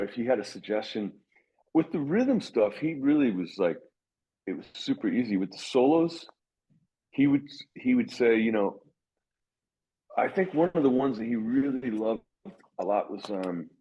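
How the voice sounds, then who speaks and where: A man's voice: on the low side, expressive, unhurried, pauses often, warm tone, slightly rough, dull audio. A middle-aged man, a guitarist being interviewed, telling stories in a rambling way with many restarts and acted-out quotes. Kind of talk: casual interview storytelling.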